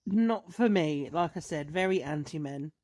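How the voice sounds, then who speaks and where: A woman on a podcast, casually chatting and telling a story with lively, animated delivery. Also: low voice, normal speed. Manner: animated storyteller, acts out dialogue in raised voice. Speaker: podcast co-host.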